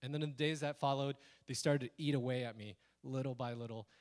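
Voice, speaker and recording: A man tells a personal story to a live audience, with a voice of middling pitch. He is animated, and he acts out the lines he quotes in shifting voices. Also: fast talker. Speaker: speaker telling a personal story. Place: stage at a speaker event.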